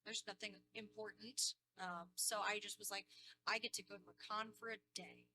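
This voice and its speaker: A woman's voice: mid-range voice, fairly even intonation, brisk, bright, forceful tone, poor audio. A woman on a convention panel, telling friendly stories in a casual way. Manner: friendly storytelling with quoted asides. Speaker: cosplay guest panelist.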